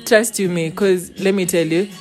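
A woman's voice: on the low side, moderate pace, soft background music. A young woman, telling a story in casual chat and acting out the quotes in it. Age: young adult. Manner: animated, acts out quotes.

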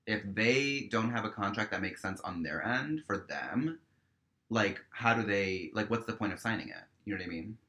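A man with a lowish, bright and forceful voice tells a story as a podcast guest. He swears freely and fills his sentences with "like", acting out the people in his story as he goes. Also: moderate pace. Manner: profane, peppered with "like"; animated storyteller acting out dialogue. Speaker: guest, stage performer. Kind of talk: casual podcast chat, storytelling.

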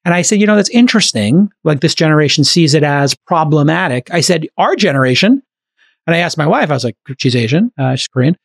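Fast-talking middle-aged male podcast host. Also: on the high side, expressive. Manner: fast, enthusiastic talker with many "like" fillers. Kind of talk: casual chat.

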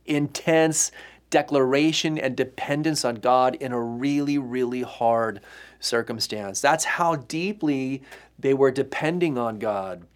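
A male pastor giving an earnest, emphatic sermon teaching, with frequent fillers and restarts. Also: mid-range voice.

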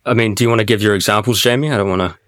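A man co-hosting a podcast, explaining points in a measured, casual way. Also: lowish voice, fairly even intonation, fairly bright tone, no room sound, studio quality. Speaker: podcast co-host.

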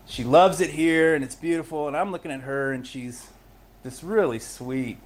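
A man's voice: on the high side, moderate pace. A middle-aged man, a podcast guest, telling his own story of recovery in a candid, emotional way, often laughing as he talks. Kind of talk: personal recovery story in conversation.

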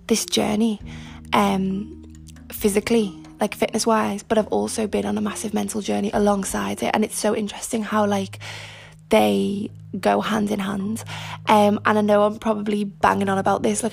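A young woman hosting her own podcast in casual, chatty, self-mocking talk, a little husky today from lying on her front while recording. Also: mid-range voice, darkish tone. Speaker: podcast host. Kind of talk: casual solo podcast chat.

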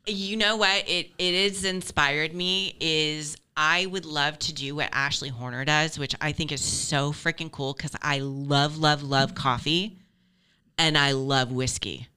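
A woman's voice: low-pitched, fairly even intonation, a little slow, bright, forceful tone, clean tone. A woman guesting on a podcast, blunt and profane, talking about hard work and going after goals. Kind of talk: casual interview chat.

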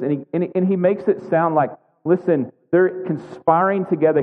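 A man preaching a sermon, retelling a scripture story conversationally and checking in with "right?" as he goes. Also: fairly high pitch. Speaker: pastor. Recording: echoey hall, thin phone-like sound.

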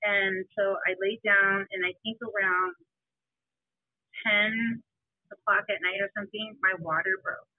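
Brief: woman, emotional halting testimony, husky voice, thin phone-quality sound. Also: mid-range voice, fairly even intonation, no echo. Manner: emotional, halting, many restarts. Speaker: interviewee. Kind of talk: personal testimony. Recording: tinny phone-like line, dry.

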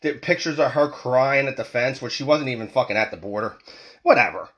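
A heated man in his forties from the United States, swearing freely as he rants to a camera. His voice sits at an ordinary middle pitch, and he restarts his words again and again as the anger pushes him along. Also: fairly quick, a bit bright. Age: 40s. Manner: heated, profane, repetitive restarts. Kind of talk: angry political rant.

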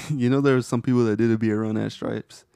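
A man's voice: medium pitch, steady tone, a little fast, creaky, darkish tone, clean tone, dry recording, studio quality. A teenage man co-hosting a podcast, reacting with short, laid-back remarks and laughs. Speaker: podcast co-host. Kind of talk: casual chat.

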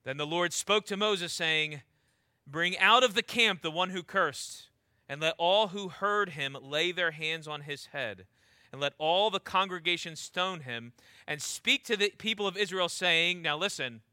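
A man delivers a sermon in a high, very bright voice. He reads scripture aloud and stretches key words for weight. The sound is close and dry, with no room echo. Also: smooth. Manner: emphatic, slows down to stress key words. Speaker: preacher.

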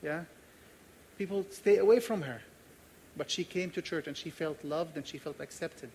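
A man's voice: fairly high pitch, moderate pace, a little mellow, slight background noise. A man pastor preaching a sermon, earnest and emphatic, repeating key phrases and telling personal stories.

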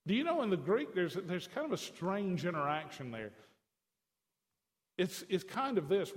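A man with a notably high voice preaches a sermon, easing into folksy, conversational asides before building to emphatic declarations. His voice carries through a church sanctuary with a long, lingering reverb. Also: lively intonation, fairly quick, fairly bright tone. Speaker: pastor.

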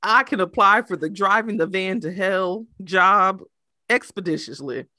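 A woman's voice: medium pitch, a little slow, no room sound, clean studio sound. A woman co-hosting a podcast in casual chat, telling stories animatedly, acting out quotes and swearing a lot. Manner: animated storyteller, profane, acts out quotes. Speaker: podcast co-host.

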